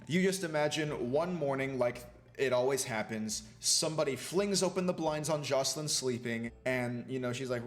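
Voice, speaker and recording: A man's voice: medium pitch, normal speed. A man, a film student, reviewing a TV show in a casual, profane rant full of fillers. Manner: profane, ranting, many fillers like "you know".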